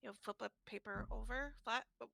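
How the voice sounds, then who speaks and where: A woman playing in a tabletop game, halting and stammering as she explains. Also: a little high, creaky, sharp tone, dry recording. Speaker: player. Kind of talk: casual tabletop role-play.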